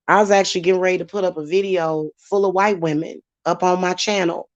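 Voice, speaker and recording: A woman's voice: on the low side, fairly even intonation, a little fast, hardly any pauses, no room sound, highs cut off. A woman hosting her channel, ranting heatedly and profanely at commenters in a live-stream vlog. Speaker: channel host and spiritual reader. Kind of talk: live-stream rant to viewers.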